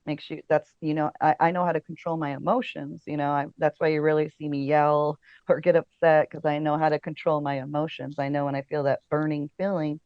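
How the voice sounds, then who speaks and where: A chatty woman guest tells stories in a loose, easygoing way, full of fillers and quick laughs. Her voice sits at a middle pitch. The sound is dry and a little dull, as on a modest podcast setup. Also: little pitch movement, smooth, no room sound. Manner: chatty storyteller, many fillers, laughs often. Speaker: casting director and podcast guest. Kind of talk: casual interview chat.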